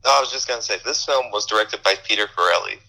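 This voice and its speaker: A man's voice: on the low side, fast, pushed and bright, poor audio. A young man co-hosting a podcast, chatting casually with dry sarcasm. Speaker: podcast co-host. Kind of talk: casual film review chat.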